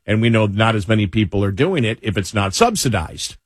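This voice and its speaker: A man's voice: lowish voice, sing-song, fairly quick, breathy edge, no echo, clean studio sound. A man hosting political talk radio, scornful and emphatic, often repeating himself as he builds a point.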